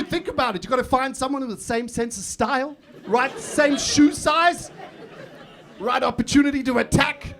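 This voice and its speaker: A young man with a South African accent works a comedy club crowd through a handheld stage mic. He speaks in a high voice for a man, mocking himself and ribbing the audience with plenty of swearing. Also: normal speed, a bit bright. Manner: profane, self-mocking banter with the crowd. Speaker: stand-up comedian. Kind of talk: stand-up comedy set.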